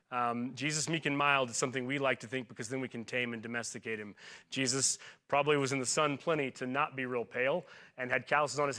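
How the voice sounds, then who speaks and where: A male pastor in his forties preaches in church with a relaxed, conversational style, cracking jokes and putting questions to the congregation. His voice is medium-pitched.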